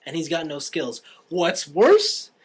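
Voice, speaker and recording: A fairly high, slow male voice with a breathy edge belongs to a young podcast co-host. He casually recounts a film and brings the characters' lines to life in animated fashion.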